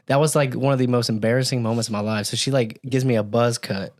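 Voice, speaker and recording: A man's voice: medium pitch, fairly even intonation, quick pace, few pauses. A man co-hosting a podcast, chatting with jokey, eager interjections. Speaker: podcast co-host. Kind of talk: casual chat.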